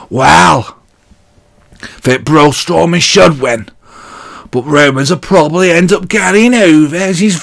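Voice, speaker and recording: Gravelly, animated man ranting. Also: sits high. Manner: blunt, mocking, laughs at his own jokes. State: hot and sweaty. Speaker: wrestling vlogger. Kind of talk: casual ranting commentary.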